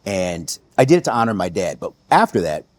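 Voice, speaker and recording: A relaxed man from the United States, guesting on a podcast, telling stories and quoting others with lively voices. His voice sits on the low side for a man. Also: a little fast. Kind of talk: casual interview storytelling.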